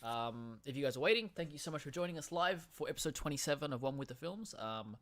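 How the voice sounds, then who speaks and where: A man from Australia with an Australian accent, co-hosting a live film podcast in relaxed, laughing banter. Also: on the high side, quick pace. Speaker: podcast co-host.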